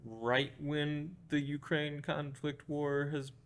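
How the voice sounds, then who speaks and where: A man's voice: fairly high pitch, little pitch movement, takes it slowly, clean tone. A man co-hosting a podcast, chatting about a movie in a wry, offhand way with frequent ums. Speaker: podcast co-host. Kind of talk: casual chat about a movie.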